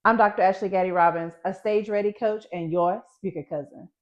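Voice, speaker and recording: A woman's voice: medium pitch, fairly even intonation, a little fast. A Southern American woman in her thirties, a public speaking coach teaching energetically to camera, emphatic and folksy, repeating her key points. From Southern United States. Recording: muffled, lo-fi recording.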